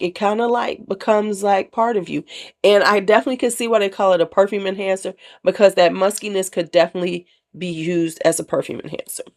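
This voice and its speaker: A woman casually reviewing perfumes in a chatty, candid way, with slangy asides. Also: fairly low pitch. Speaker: perfume vlogger.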